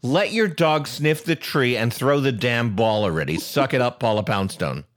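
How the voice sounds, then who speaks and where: Jokey man co-host with lively voice. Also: medium pitch. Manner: jokey, quick wrap-ups. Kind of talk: show hosting and banter.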